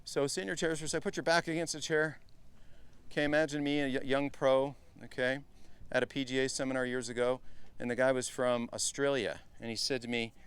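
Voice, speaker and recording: A middle-aged man coaching a group at a live golf clinic, chatty and energetic, often turning to the group as guys. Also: mid-range voice, fairly quick, clean tone. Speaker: golf instructor.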